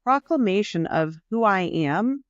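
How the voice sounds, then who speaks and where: A woman's voice: mid-range voice, lively intonation, unhurried, no echo. Woman podcast host on dull video-call audio. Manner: thoughtful, sums up what she hears. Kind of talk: conversational podcast interview.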